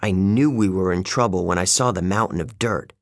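A man narrating a first-person story in a measured, steady way, recorded close to the mic. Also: sits low, no room sound. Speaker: audiobook narrator.

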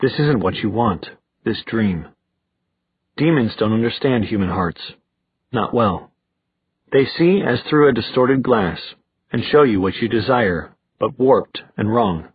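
A man's voice: on the low side, expressive, a little slow, breathy edge, no echo. Man reading as a wry, vain warlock. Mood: tender. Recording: tinny, phone-like dry recording.

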